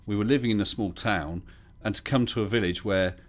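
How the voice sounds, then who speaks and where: A middle-aged man hosts a casual livestream. His voice sits on the low side, and he rambles into anecdotes and reads viewer comments aloud in an easy, conversational way. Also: brisk. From England. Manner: chatty storyteller, reads chat aloud. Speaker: livestream host.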